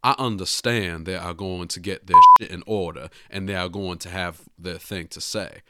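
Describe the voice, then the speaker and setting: A man putting on a drawling Southern detective voice, a grown gentleman sleuth who is sly and indignant. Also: deep voice, steady tone, normal speed, clear, resonant tone, no room sound, clean studio sound.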